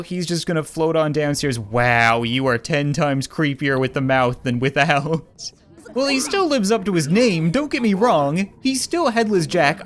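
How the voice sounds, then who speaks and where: A young man giving comedic, excitable commentary on a life-sim game, often laughing and exclaiming. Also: on the high side. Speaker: gaming YouTuber.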